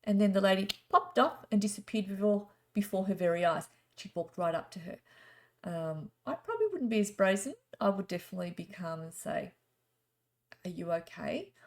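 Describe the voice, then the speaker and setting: A middle-aged woman, a psychic telling chatty, rambling stories and doing a gently spiritual card reading. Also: mid-range voice, expressive, a little fast. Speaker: psychic reader. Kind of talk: casual storytelling and card reading.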